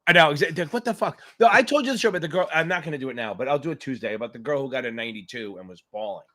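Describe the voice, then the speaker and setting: A male exam tutor hosts a live question-and-answer stream in a loose, joking way. He rambles and swears freely in a slightly high voice. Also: lively intonation, very fast, a bit bright. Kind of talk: casual live-stream chat.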